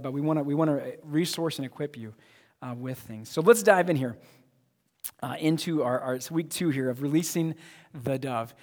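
A man's voice: a little high, long reverb tail. A man preaching a sermon as pastor, talking casually, repeating himself and asking his congregation questions. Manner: conversational, repeats words, asks the congregation questions. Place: church sanctuary.

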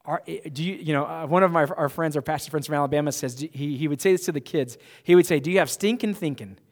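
A man's voice: on the high side, fairly even intonation, fast talker. Man preaching in an echoing hall. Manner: emphatic, conversational preaching with frequent restarts. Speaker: pastor. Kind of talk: sermon. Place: church sanctuary.

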